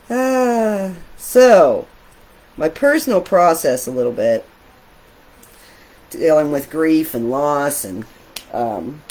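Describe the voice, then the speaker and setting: A middle-aged woman, an artist, talking casually and reflectively while showing her sketches, with soft laughs now and then. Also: sits low, expressive, extremely slow, pauses often, low-quality recording.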